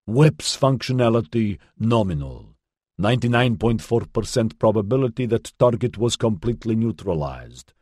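A man doing a clipped, flat starship officer. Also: fairly low pitch, husky, no room sound, clean studio sound. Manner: flat, clipped, without emphasis. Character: clipped, emotionless male starship weapons officer.

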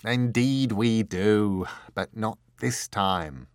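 A grimy, pompous henchman, as a male reader puts him on, slow and affronted, forever correcting. Close and dry storybook reading. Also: fairly low pitch, no echo.

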